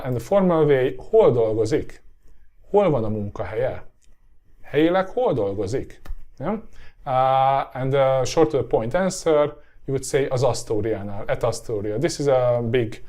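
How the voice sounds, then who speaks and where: Teaching a language lesson, a man who speaks Hungarian natively and has a Hungarian accent sounds warm and mid-range but increasingly hoarse and weary. Pauses get an "uh," and he frequently checks understanding with a rising "yeah?"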